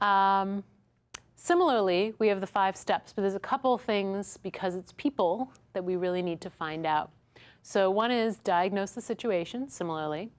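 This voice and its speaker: A woman's voice: medium pitch, moderate pace. A woman instructor teaching a workshop lesson to a small audience. She acts out customer dialogues as she goes and keeps checking in with "right?". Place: studio classroom with a small audience.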